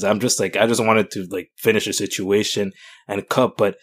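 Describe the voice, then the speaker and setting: A young man from Canada co-hosting a podcast discussion, talking in a halting way with many restarts and fillers. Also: fairly low pitch, little pitch movement. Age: young adult. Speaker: podcast co-host. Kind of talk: casual discussion.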